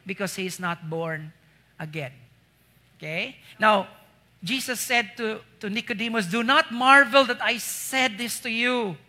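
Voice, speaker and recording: A man's voice: high-pitched, a little slow, sharp tone. A man with a Filipino accent preaching a sermon. He teaches step by step, asks the congregation questions, repeats key words, and rises sharply on emphatic points. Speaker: pastor.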